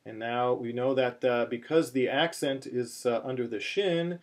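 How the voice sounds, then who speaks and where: A man teaching a chanting lesson, talking slowly through many fillers and restarts, then breaking into short chanted phrases. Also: medium pitch, steady tone. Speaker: cantillation teacher. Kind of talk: chanting lesson, spoken explanation with chanted examples. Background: phone ringing in the background.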